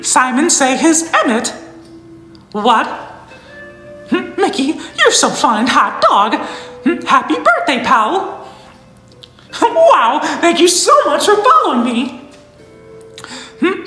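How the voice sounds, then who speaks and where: Mickey Mouse, giggly and squeaky. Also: male voice, pushed and bright, exaggerated voice. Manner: giggly, folksy, greets viewers by name. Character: cheerful squeaky male cartoon mouse. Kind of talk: live-stream character impression. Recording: roomy room, faint music.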